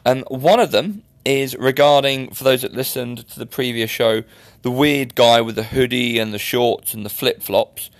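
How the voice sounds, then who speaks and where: A young man talks his way through a casual solo podcast, rambling and poking fun at himself. His voice sits at an ordinary middle pitch. The sound is close and dry. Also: normal speed, no echo. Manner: chatty and rambling, self-mocking. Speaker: podcast host.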